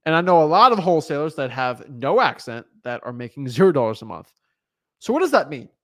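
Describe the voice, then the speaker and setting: A man's voice: fairly high pitch, very animated, a little fast, a bit bright. Emphatic young man coaching. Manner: emphatic, repeats words, asks "right?" often. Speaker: real estate coach, co-host. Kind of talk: energetic motivational talk.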